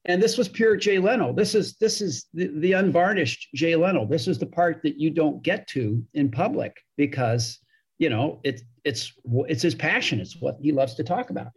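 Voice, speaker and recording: A man's voice: on the high side, lively intonation, moderate pace, breathy edge. A man telling a casual anecdote, chatty, repeating words as he goes and acting out the quotes. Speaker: guest storyteller.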